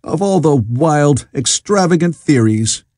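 A man reads as a doubtful Victorian psychologist. He muses sceptically, with a lively pitch and a mellow tone. The sound is dry and close. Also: unhurried, no echo.

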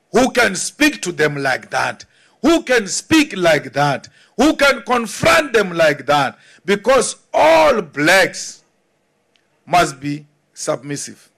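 A high-pitched man with a South African accent delivers a rally speech at an unhurried, deliberate pace. His oratory is defiant and emphatic, driving points home through repetition. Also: gravelly, pushed and bright. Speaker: political speaker.

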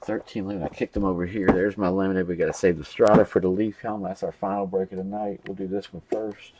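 A man's voice: low-pitched, steady tone, fast, very noisy. A young man hosting a live card break stream, casually rambling and reading off names and card numbers.

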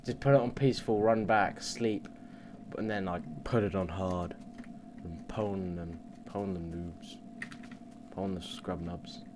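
A young man commentating on his game at home, muttering and swearing, with sudden loud yells. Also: fairly low pitch, a little hiss or hum. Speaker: let's play gamer. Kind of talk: casual gameplay commentary. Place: home computer desk. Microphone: desk mic under the monitor.

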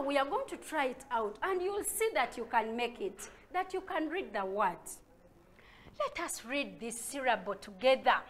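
Ugandan woman teacher, slightly high voice, drawn-out syllable drills for small children, faint hiss behind. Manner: slow, sounds out syllables with loud stressed calls. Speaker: primary school teacher. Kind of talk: recorded reading lesson for young children.

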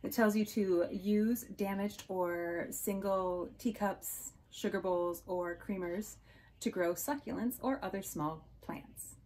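A woman's voice: medium pitch, slow pace, darkish tone. Woman, resale vlogger, chatty show-and-tell, gushing, hiccuping, faint background hiss. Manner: chatty, gushing over small finds. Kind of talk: casual show-and-tell haul.

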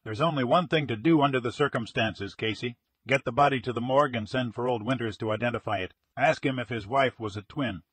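A man reading as a gruff police inspector. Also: mid-range voice, a bit bright, dry recording. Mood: brisk. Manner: gruff, brisk, commanding. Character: gruff middle-aged male police inspector. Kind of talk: audiobook character reading.

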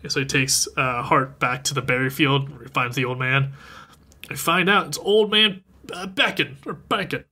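Man hosting a casual recap podcast, bright voice, laughs a lot. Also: mid-range voice, normal speed. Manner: laughing often, animated retelling. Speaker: podcast host. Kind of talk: casual chat, episode recap.

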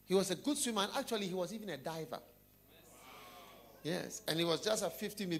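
A man preaching a sermon, telling a story and putting questions to his listeners, often dropping low and quiet. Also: lively intonation, fast talker, creaky, long pauses.

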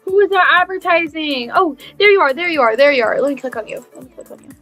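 A young woman chatting through a game live stream in a fairly high voice. She talks in a mock-dramatic, sarcastic way and keeps repeating herself. Soft music plays quietly behind her. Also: animated, racing. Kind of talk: casual live-stream chat.

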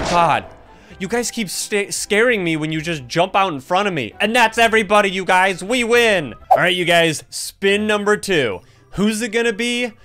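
A bright, high-voiced young man talks over his gameplay, teasing the other players and breaking into quick laughs and sudden yelps. His tone is sharp and lively. Faint game music plays behind him. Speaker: gaming YouTuber. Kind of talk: excited gameplay commentary.

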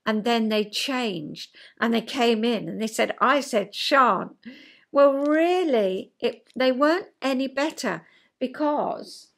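Chatty woman, higher voice. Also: creaky. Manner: acts out quoted voices with big pitch jumps; chatty, checks in with listener. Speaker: podcast host. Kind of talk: casual chat explaining psychology.

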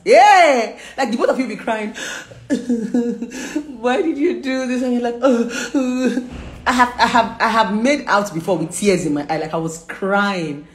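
A woman's voice: medium pitch, reverberant, slight background noise. A woman, a relationship coach, talking frankly and playfully to viewers with bursts of laughter. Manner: animated, laughing, candid and teasing. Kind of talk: frank casual vlog talk.

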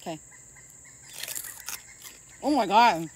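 A woman co-hosting a casual gardening vlog, giggly and bossy, often exclaiming loudly. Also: medium pitch, takes it slowly, breathy edge. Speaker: co-host. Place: home garden outdoors. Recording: outdoor noise, crickets. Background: crickets and birds.

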